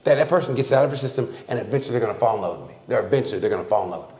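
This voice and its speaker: A man's voice: medium pitch, lively intonation, racing, darkish tone. A man co-hosting a casual podcast who rambles, restarts and keeps repeating "listen" while telling a story. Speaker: podcast co-host. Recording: roomy echo.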